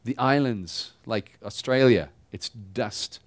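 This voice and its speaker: A pastor giving a sermon in a conversational style, asking the congregation rhetorical questions. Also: male voice, on the low side, slow, no echo.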